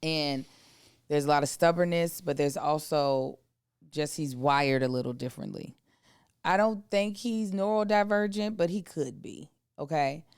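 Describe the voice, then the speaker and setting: Woman, thirties, podcast co-host, low smooth voice, dry close sound, lively storytelling. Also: a little slow, no echo. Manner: animated storyteller acting out voices of others. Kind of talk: casual storytelling chat.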